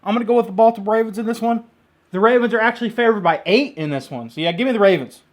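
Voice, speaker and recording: Male sports-picks vlogger, high-pitched, blunt and excitable, casual jokey delivery. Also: very fast. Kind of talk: casual football picks monologue.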